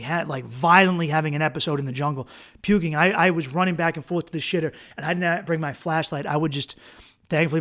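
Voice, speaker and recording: A podcast host, a man, telling a personal story in an intense, profane monologue that swings between loud outbursts and hushed lines. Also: fairly high pitch.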